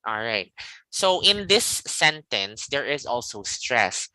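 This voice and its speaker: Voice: mid-range voice, very animated, slow, sharp tone, dry recording, rough recording. An English teacher leading a live online lesson, patient and guiding, checking in often with "okay" and "all right.".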